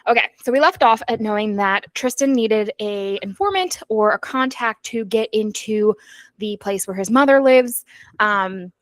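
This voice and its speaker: A woman's voice: medium pitch, moderate pace, no room sound. A woman co-hosting a book club podcast, recapping a novel in casual chat and acting out the characters' lines. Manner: animated recap that acts out characters' quotes.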